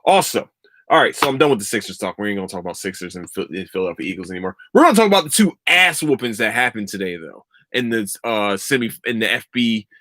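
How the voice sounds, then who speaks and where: A young man on a podcast mic, ranting about sports with heated sarcasm and lots of swearing. His pitch swings widely as he jumps around. The sound is dry and close, with no room in it. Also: bright, forceful tone, no room sound. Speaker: podcast host. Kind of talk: casual sports rant.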